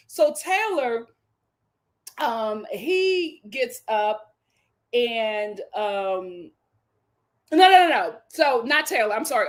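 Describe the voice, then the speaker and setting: A woman hosting a live reality TV review stream, animated and dramatic, full of slang and talking straight at the people she discusses. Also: a little high. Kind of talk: live-stream episode recap commentary.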